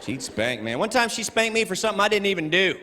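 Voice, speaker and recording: A man performing a stand-up comedy set, animated and full of character voices, before a live audience. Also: sits high, fast. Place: large hall with live audience. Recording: echoey hall, crowd laughter, noisy.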